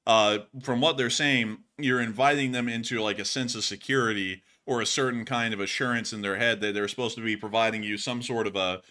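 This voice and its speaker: Male show host, bright and forceful, casual opinionated commentary, talks in run-on sentences full of fillers. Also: on the low side, brisk, hardly any pauses. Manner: rambling, heavy use of "like" fillers; opinionated and animated.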